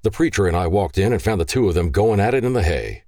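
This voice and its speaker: A furious, protective father barks orders in a deep, growling voice, as a male narrator plays him. The delivery is stern and lively, recorded dry and close. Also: fast, no room sound.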